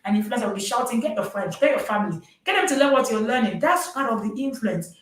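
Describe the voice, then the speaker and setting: A woman's voice: fairly high pitch, expressive, fast talker, recorded from a distance. Emphatic woman, echoey room. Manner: emphatic, repeats herself for stress. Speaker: parenting course host. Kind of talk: live-streamed course talk.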